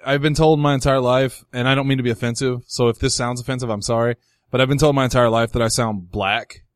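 A male radio host talking in a loose, rambling way, often running himself down. His voice sits at a middle pitch. The studio sound is dry and close. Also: fairly even intonation, fast talker, dry recording. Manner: rambling, self-deprecating storyteller. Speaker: radio talk show host. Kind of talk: casual radio show chat.

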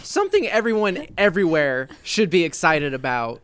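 A man's voice: fairly high pitch, big pitch swings, normal speed, a bit bright, smooth, no room sound. A man co-hosting a podcast, talking emphatically and teasing with mock-combative quips. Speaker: podcast co-host. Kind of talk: casual chat.

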